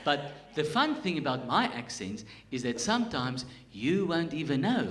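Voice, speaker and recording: Brief: South African male comic, animated and self-mocking, lively pitch, echoey theatre, loud crowd. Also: normal speed. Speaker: stand-up comedian. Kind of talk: stand-up comedy set. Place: theatre stage. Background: audience laughter.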